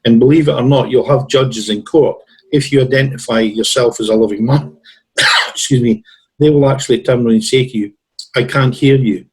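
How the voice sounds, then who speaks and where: Husky-voiced man telling stories. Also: medium pitch, fairly quick, poor audio. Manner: rambling and anecdotal, acts out the other people in his stories. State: tickly throat with coughs. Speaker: guest. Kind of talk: storytelling in a conversation.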